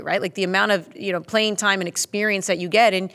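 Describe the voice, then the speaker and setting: A woman hosts a relaxed soccer talk show, chatting in an easy way and often ending points with "right?". Her voice sits at a middle pitch for a woman. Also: fast talker, hardly any pauses. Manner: conversational, asks questions, says "right?" often. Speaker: host. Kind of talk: casual sports chat.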